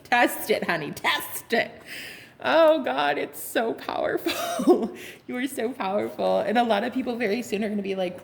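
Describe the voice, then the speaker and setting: A woman's voice: fairly high pitch, moderate pace, gravelly. A woman giving a casual tarot reading to her viewers, sassy and playful, laughing often, swearing and calling them honey. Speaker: tarot card reader.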